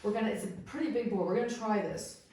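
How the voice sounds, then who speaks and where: A woman's voice: on the high side, fast talker. A middle-aged woman hosting a paranormal session and patiently teaching others how to use a Ouija board, demonstrating as she explains. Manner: instructive, animated, demonstrates while talking. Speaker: host and Ouija instructor. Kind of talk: hands-on teaching during a paranormal investigation. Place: indoors in a room of an old house. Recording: very echoey room.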